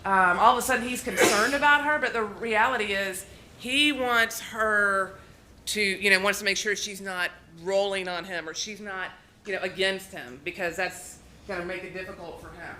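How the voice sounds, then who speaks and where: A woman's voice: mid-range voice, normal speed, sharp tone, echoey room, slight background noise. A woman prosecutor giving a closing argument to a jury, persuasive and emphatic. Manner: persuasive, emphatic, quoting the defendant. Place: courtroom.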